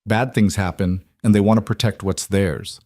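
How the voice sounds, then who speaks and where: Careful, guarded young drifter woman, voiced by a man; low, measured, dry. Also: steady tone, darkish tone, no room sound, close to an everyday voice.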